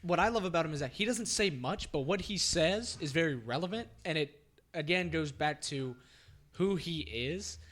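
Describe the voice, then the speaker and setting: Emphatic bright-voiced podcast co-host man. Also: on the high side, animated, normal speed. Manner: emphatic, swears freely, repeats words. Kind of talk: casual chat.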